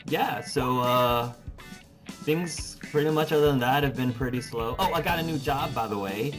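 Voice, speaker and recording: A man's voice: mid-range voice, soft background music, lightly acted. A man playing a chatty, easygoing young male guitarist in a tabletop role-play, rambling with lots of fillers. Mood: relaxed. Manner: casual, rambling, drawn-out filler words. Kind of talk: tabletop role-play over phone call.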